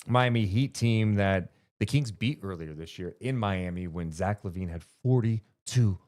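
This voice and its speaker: A man's voice: lowish voice, measured pace, darkish tone. A man co-hosting a casual basketball podcast, reading out stat lines and running a playful guessing game. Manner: runs through stats conversationally, playful quiz host. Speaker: podcast co-host. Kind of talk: casual sports podcast chat.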